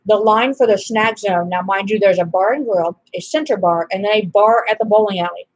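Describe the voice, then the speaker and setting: A woman's voice: mid-range voice, a little fast, poor audio. A young adult woman chatting casually to her viewers while eating supper, rambling from topic to topic with exasperated asides. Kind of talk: casual chat.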